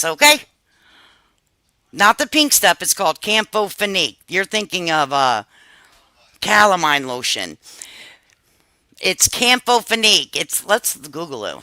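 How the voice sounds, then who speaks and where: A woman in her fifties hosting a live stream, chatting casually with her viewers in an animated, confiding way and swearing freely. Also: mid-range voice, no echo. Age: 50s.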